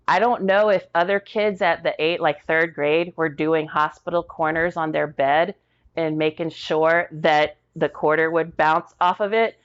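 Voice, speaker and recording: Veteran woman, forties, low-pitched, casual storyteller who acts out the quotes; slightly muffled audio. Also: clean tone. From Tampa, Florida. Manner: animated storyteller acting out quotes. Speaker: podcast guest, military veteran.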